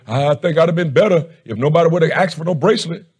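A middle-aged man preaching a fervent sermon as pastor, shouting one moment and dropping low the next. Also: quick pace, slightly rough.

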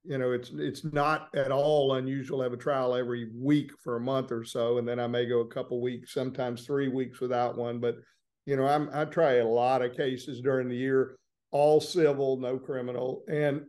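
A man with a Southern accent from Florida speaks in a relaxed, plain-spoken way. He tells stories about his courtroom work like a guest in an informal interview, at an ordinary middle pitch. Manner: easygoing, plain-spoken storytelling. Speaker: trial lawyer guest. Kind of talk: casual interview.

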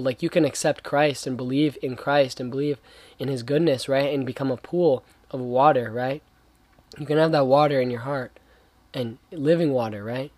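A man's voice: medium pitch, darkish tone, dry recording. Young man, earnest casual preacher type, rambling, slangy, dry close sound. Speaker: young Christian speaker. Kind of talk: casual faith talk.

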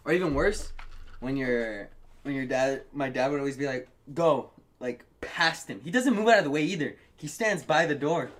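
Animated young man telling stories. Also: medium pitch, normal speed. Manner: animated storytelling, frequent swearing. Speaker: podcast co-host. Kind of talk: casual podcast chat.

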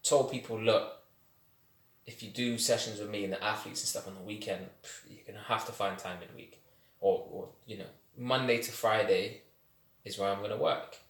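Man, podcast guest, lively storyteller, roomy echo on the mic. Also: fairly low pitch, brisk. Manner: animated, laughs often, slangy storytelling. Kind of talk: casual chat. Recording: echoey room.

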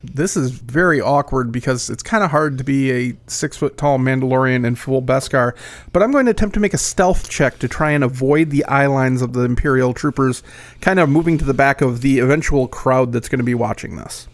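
A man's voice: mid-range voice, brisk, dry recording. Casual male player thinking aloud. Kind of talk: casual tabletop play.

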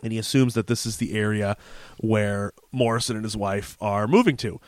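A man co-hosting a podcast, casually recapping a TV episode in a rapid, animated way, full of "like" and swearing. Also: lowish voice, no room sound. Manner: rapid, animated retelling with lots of "like" and profanity. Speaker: podcast co-host.

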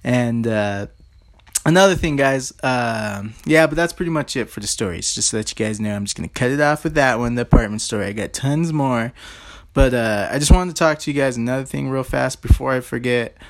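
A man talks to his viewers in loose, rambling storytelling. He fills his sentences with "like" and "you know" and keeps a plain, medium-pitched voice. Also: a little fast. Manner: rambling, heavy on "like" and fillers. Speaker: vlogger. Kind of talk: casual storytelling.

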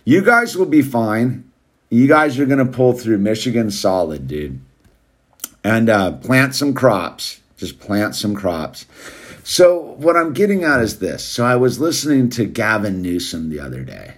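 A man's voice: fairly low pitch, very animated, unhurried. A man hosting a show, rambling casually in a laid-back way and calling listeners "dude.". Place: California.

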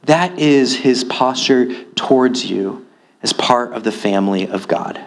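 Slow, earnest male preacher. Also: gravelly. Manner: slow, earnest preaching that rises in pitch for emphasis. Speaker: pastor. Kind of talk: sermon.

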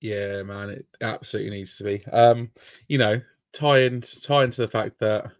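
A man's voice: fairly low pitch, steady tone, moderate pace, no room sound, clean studio sound. A man from England hosting a casual sports podcast, chatty and self-deprecating with the odd swear word. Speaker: podcast host. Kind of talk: casual chat.

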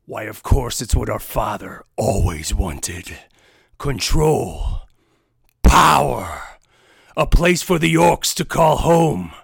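A booming, contemptuous orc warlord rants about power and conquest, as a man puts him on. The voice is gravelly and loud, pushed well above a speaking level. Dry, close sound. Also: no echo, full character voice. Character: huge menacing orc warlord, power-hungry brother.

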